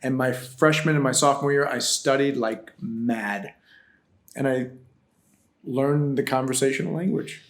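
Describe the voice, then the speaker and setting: Middle-aged man, podcast guest; animated, playful storyteller, casual. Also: medium pitch, measured pace. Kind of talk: casual interview talk.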